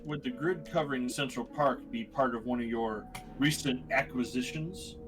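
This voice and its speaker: A man's voice: medium pitch, moderate pace, music in the background. A man playing a tabletop game, asking questions in a formal, probing way. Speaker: player.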